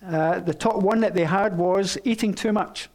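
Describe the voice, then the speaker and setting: A man's voice: sits high, normal speed, darkish tone. A man pastor delivering a sermon in a conversational way, hesitating with fillers and putting questions to the congregation.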